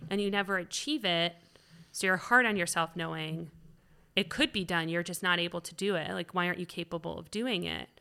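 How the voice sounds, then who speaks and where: A woman's voice: lowish voice, fairly quick, gravelly, sharp tone, clean tone. A woman in her thirties co-hosting a podcast, talking candidly in a rambling way full of "like" and "um". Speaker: podcast co-host. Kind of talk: candid conversational chat.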